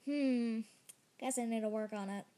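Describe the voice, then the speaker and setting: A woman's voice: fairly high pitch, normal speed, warm tone, voice pushed down, natural voice. A woman voicing a nervous, unlucky male mouse who stammers when flustered, in a storybook reading.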